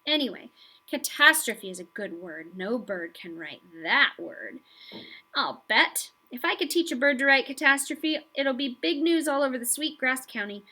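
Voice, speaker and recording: A woman reading aloud, voicing a stern, bossy first-grade teacher who exclaims loudly. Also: high-pitched, moderate pace, heavily acted. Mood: boastful. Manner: exclaiming, bossy, loud and lively.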